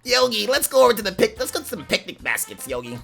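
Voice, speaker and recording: A man's voice: high voice, big pitch swings, fast talker, vocal fry, pushed and bright, faint music behind, voice pushed up, full character voice. A man doing an impression of a timid little cartoon bear cub with a nasal, fretful voice.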